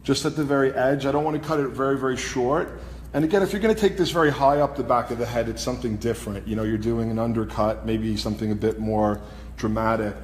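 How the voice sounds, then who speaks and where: A medium-pitched male voice talks fast as a hairstylist and host teaches a live haircut, chatting through each step while cutting. Recorded in an echoey hair salon studio, it has long reverb, faint ambience, and slight background noise.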